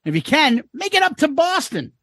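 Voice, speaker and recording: Male podcast co-host reading listener mail, lively up-and-down delivery, dry close sound. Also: very high-pitched, normal speed, no echo. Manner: reads comments aloud with wry asides. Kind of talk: casual podcast chat.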